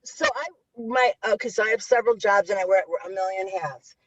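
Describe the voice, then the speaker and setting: A woman's voice: mid-range voice, a little fast, lo-fi sound. A woman guest author telling stories energetically in an interview, words tumbling out and running over the host. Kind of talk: animated interview storytelling.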